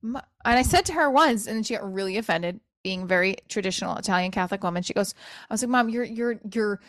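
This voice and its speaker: A New woman in her forties, speaking, hosts a podcast alone. She rambles, swears freely and makes fun of herself as she tries out comedy bits. Her voice sits at a middling pitch and sounds dry and close, with no room around it. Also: fast, a bit bright, no room sound. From New Jersey. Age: 40s. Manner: rambling, profane, self-deprecating. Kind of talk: casual solo podcast monologue.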